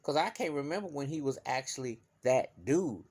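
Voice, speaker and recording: A man vlogging an emphatic opinion rant, swinging from loud outbursts to low muttering. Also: expressive, moderate pace, breathy edge.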